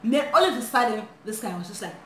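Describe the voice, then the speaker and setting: Young woman, lively storytime vlog, higher voice, echoey room with faint hiss. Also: fast. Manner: animated, switching languages mid-sentence. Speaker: vlogger. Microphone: phone camera.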